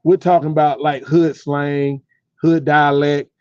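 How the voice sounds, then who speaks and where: A man's voice: a little high, flat delivery, measured pace, a little mellow, clean tone, dry recording. A man co-hosting a casual podcast chat, often repeating words as he searches for what to say. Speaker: podcast co-host. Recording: dull dry lo-fi sound.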